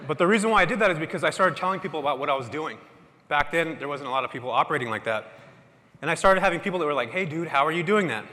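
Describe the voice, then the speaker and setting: A man giving an energetic, casual motivational talk to a live audience in a large hall, often quizzing the crowd. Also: fairly high pitch, rapid-fire. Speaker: conference speaker. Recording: echoey hall with long reverb.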